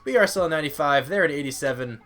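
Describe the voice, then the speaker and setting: This gaming YouTuber has a fairly high, fairly bright voice and talks in an animated, rapid-fire way with faint music behind him. Tired and young, he rambles through casual football video game commentary, reading stats, mocking himself, and cracking his voice now and then.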